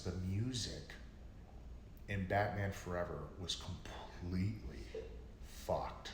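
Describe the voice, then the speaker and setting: A man's voice: low voice, takes it slowly, long pauses. A man hosting a livestream, chatting casually with viewers in a rambling, profane way that gets worked up. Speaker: livestream host. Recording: echoey room with faint noise.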